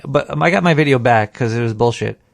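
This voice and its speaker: A man hosting a podcast in casual chat, joking and laid-back, a little high. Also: quick pace, gravelly, no room sound, clean studio sound. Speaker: podcast host.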